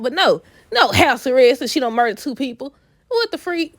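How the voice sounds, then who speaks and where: A woman recapping a soap opera episode in a casual vlog, animated and laughing often. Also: high voice, a little fast, no room sound, studio quality. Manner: animated, laughs often, addresses viewers as y'all.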